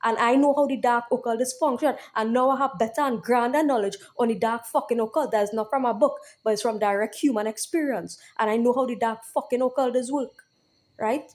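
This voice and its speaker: A woman's voice: fairly high pitch, a little fast, darkish tone. Emphatic woman venting, repeating herself. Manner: repetitive, emphatic, profane, keeps asking "right?". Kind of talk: angry venting monologue.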